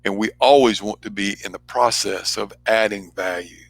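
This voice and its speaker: A man speaking as a trainer, giving an earnest motivational talk with emphatic, shifting pace and loudness. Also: on the low side, normal speed, creaky, no room sound.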